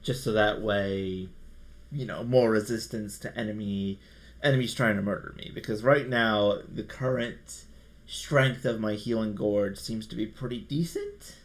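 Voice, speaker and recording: A man's voice: on the low side, measured pace. A man giving casual let's-play commentary, thinking aloud and grumbling wryly at the game. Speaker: gameplay commentator.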